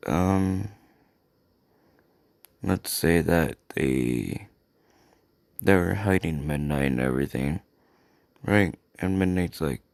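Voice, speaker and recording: A man's voice: a bass voice, takes it slowly, gravelly, long pauses, darkish tone. A man improvising a fan story in a rambling way, often losing his place, swearing, and checking in with "right?".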